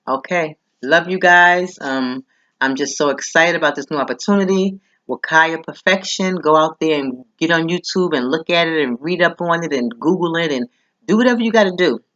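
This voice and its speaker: A woman's voice: sits low, a bit bright. Chatty woman vlogging, dull webcam sound. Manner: chatty, fast, acts out quoted voices. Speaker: vlogger promoting a business. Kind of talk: casual chat to camera.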